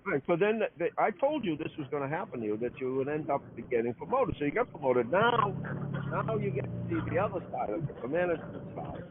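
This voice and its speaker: A man interviewing a guest in a casual, halting way with prompting questions. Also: a little high, very animated, a little hiss or hum. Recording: phone-like line.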